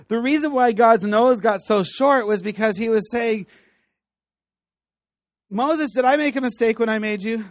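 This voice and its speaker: A man teaching a class on the Bible, telling stories with animated voices and frequent laughs. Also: very high-pitched, normal speed, dry recording, studio quality. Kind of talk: lively teaching talk to students.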